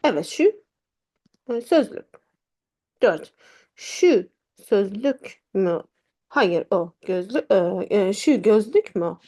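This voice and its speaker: Female teacher, mellow tone, lively intonation, patient explainer. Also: mid-range voice, slow pace, long pauses. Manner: explains patiently, repeats examples, switches between two languages. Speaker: language teacher. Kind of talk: grammar lesson with example sentences.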